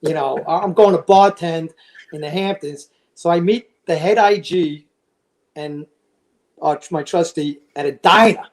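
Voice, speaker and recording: Man in his 60s, high-pitched, podcast guest, lively storyteller, acts out quotes. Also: measured pace. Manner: lively anecdotes, acting out quoted voices. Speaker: podcast guest, retired fire lieutenant. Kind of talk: casual storytelling.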